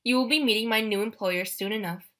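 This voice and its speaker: In an audiobook, a woman puts on a menacing male monster who sneers at children with stiff, formal menace. The voice is bright and pointed, and it swings through a wide pitch range. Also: fast, lightly acted. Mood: taunting. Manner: cold, formal, mocking. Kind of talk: audiobook character voice.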